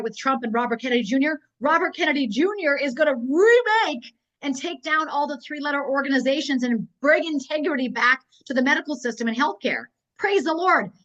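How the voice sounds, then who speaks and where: High-voiced energetic woman presenter. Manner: energetic, emphatic storytelling with repetition. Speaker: network marketing presenter. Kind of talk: motivational business talk. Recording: dull lo-fi recording.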